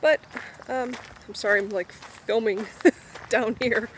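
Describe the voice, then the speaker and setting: A woman's voice: on the high side, steady tone, slow, low-quality recording. Chatty breathless woman vlogging outdoors. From Boardman, Ohio. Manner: rambling, chatty, laughs often. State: out of breath from walking fast. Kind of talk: casual walking vlog. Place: outdoor park, windy day. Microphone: handheld phone camera while walking. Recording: loud outdoor wind noise.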